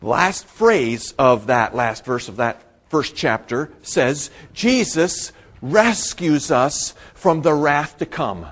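A man preaching a sermon. He swings from loud, emphatic bursts to quiet asides and repeats his key phrases for weight. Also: on the high side, expressive, slow pace. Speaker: pastor.

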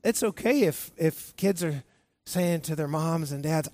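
A man preaching a sermon as pastor, earnest, drawing out key words with slow emphasis and often restarting his phrases. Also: on the high side, a little mellow, no echo.

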